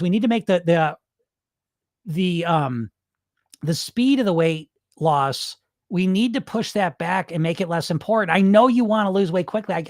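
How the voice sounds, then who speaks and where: A man coaching about weight loss on a live stream in casual talk, excitable and blunt, swearing as he gets worked up. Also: sits high, no echo, clean studio sound. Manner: informal and blunt.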